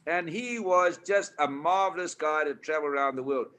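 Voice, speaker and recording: An older man from South Africa spins anecdotes as a guest on a talk show. His voice is bright and forceful, pitched a little high. He tells his stories with lively, animated delivery. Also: moderate pace. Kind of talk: storytelling chat.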